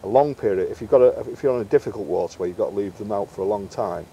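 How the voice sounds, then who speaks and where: Talking rapid-fire in a fairly low, dark voice, a middle-aged carp angler and bait maker recounts fishing anecdotes as an interview guest. He's chatty and performs the dialogue he quotes. A faint hiss or hum sits under the recording.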